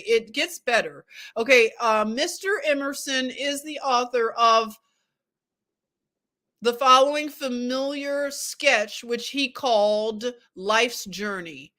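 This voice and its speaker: Slow-reading woman with a high voice. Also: pushed and bright. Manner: reads aloud slowly, breaking off to joke with viewers. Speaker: host. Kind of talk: casual book discussion, reading aloud.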